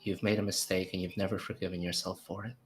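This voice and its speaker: A man with a congested voice, voicing a steady companion who speaks calmly and gently. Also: low voice, fast, faint music behind, lightly acted. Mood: gentle. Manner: calm, gentle, reassuring. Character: steady, reassuring male companion.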